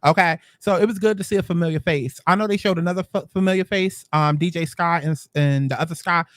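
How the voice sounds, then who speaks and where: A man's voice: on the high side, fast, fairly bright tone, no echo, clean studio sound. A man giving a sassy, dramatic casual recap of a reality show, mocking the cast as he talks.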